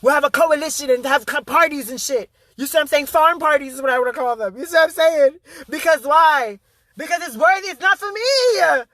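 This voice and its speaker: In an extremely high, fairly quick voice that sounds pushed and bright, a man delivers an intense motivational vlog monologue as a spiritual speaker. He hammers his key phrases through repetition and swears freely, in a dry recording.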